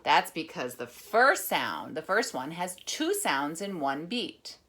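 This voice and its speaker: A woman teacher reading a picture book aloud with lively emphasis, then patiently explaining a rhythm lesson. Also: deep voice, slow, noisy background. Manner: animated, expressive reading with dramatic emphasis; patient, encouraging classroom explanation. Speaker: music teacher.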